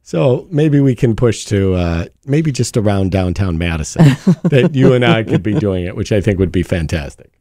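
Chatty radio host, dry sound. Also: male voice, on the low side, sing-song, moderate pace, dry recording. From Wisconsin. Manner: chatty, laughs along, bursts into a loud mock New York voice. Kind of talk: casual radio chat.

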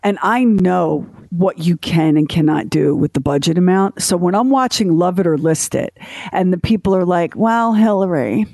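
A woman co-hosting a podcast, chatting casually and telling an animated story with asides and little voices. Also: fairly low pitch, normal speed, vocal fry, dry recording, clean studio sound. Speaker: podcast co-host. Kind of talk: casual chat.

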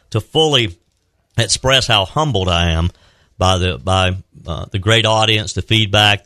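A man hosting a radio talk show, his tone bright and forward. He speaks earnestly, stumbling and restarting often as he tells a story. A close, dry studio mic. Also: fairly low pitch, no echo. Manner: halting, many restarts, earnest. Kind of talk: heartfelt farewell talk and storytelling. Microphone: close studio microphone.

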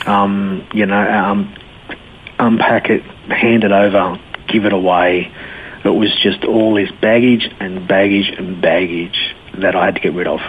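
Lowish-voiced man on a phone line. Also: a little slow, a little hiss or hum. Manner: blunt, animated storyteller who acts out quotes. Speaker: guest. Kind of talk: personal testimony in an interview. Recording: tinny phone-line sound.

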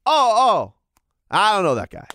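A man mimicking a squeaky, deaf-acting promoter. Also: wildly swooping pitch, a little slow, fairly bright tone, no room sound, studio quality, heavily acted. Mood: feigned confusion. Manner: squeaky, exaggerated mock confusion. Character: high-pitched impression of a sports promoter feigning deafness.

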